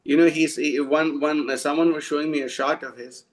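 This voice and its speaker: A man with a somewhat high voice gives an informal devotional talk. He speaks bluntly and scolds his listeners. He often stops and restarts his sentences. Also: steady tone, fairly quick, rough recording. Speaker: devotional preacher.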